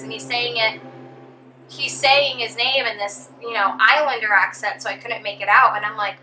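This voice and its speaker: A woman's voice: a little high, fairly even intonation, normal speed, bright, forceful tone, roomy sound, a little hiss or hum, poor audio. A young woman casually telling a personal story as a vlogger, chatty with lots of ums and you knows.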